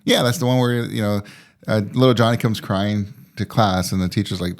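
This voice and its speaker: A man's voice: on the low side, fairly even intonation, brisk. Man laughing through a joke. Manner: laughs at own jokes, stumbles and restarts. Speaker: podcast co-host. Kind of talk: casual joke telling.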